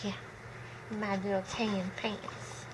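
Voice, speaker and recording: A mother coaxing her baby in slow, sing-song baby talk at home. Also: medium pitch, level tone. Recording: noisy home video.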